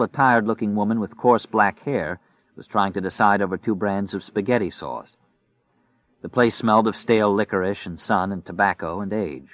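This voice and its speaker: A man reading a novel aloud in steady, measured scripted narration. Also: lowish voice, no echo. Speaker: audiobook narrator. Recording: dry, muffled recording.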